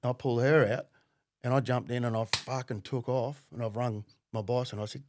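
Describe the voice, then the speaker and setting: A man, a podcast guest telling a story in a casual, profane and animated way, often laughing. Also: mid-range voice, brisk, noisy background.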